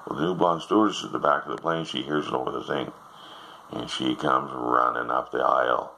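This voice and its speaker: Older man, joke teller, folksy rambling, very deep voice, gravelly fry, faint hiss. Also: fairly even intonation, fairly quick, sharp tone, rough recording. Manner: folksy, meandering storyteller.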